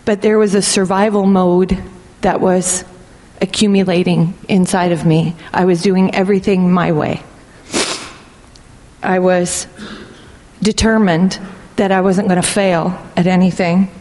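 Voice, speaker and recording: A middle-aged woman sharing a personal faith testimony in an earnest, reflective way, speaking slowly and deliberately. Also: fairly low pitch, flat delivery, a little mellow. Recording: long hall reverb.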